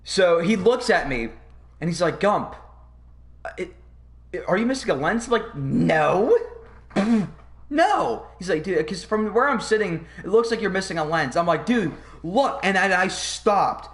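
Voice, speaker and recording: Young guy rambling through a wild story on his podcast, swears a lot, kinda high voice. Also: normal speed. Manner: rambling, profane, animated retelling. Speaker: podcast host. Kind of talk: casual storytelling.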